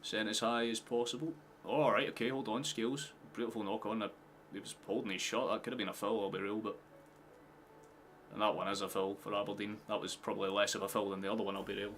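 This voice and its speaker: Speaking fast in a lowish voice, with slight background noise, a young Scottish man live-streams his football match reactions. He chats to viewers, swears often, and his excitement spills into shouting whenever there's a goal.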